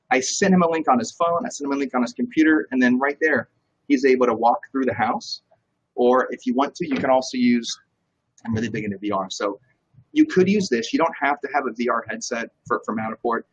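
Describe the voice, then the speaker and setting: Fast, husky man telling animated stories. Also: mid-range voice, dull audio. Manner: energetic, animated storyteller. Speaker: real estate broker, guest. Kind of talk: casual interview talk.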